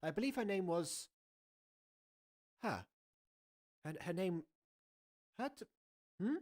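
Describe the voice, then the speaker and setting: A pompous, formal gentleman, played by a man who talks in stiff old-fashioned phrases and trips over his words. His pitch leaps around with lively swings, then drops low when he fumbles. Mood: apologetic. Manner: stuffy, halting, stammering formality.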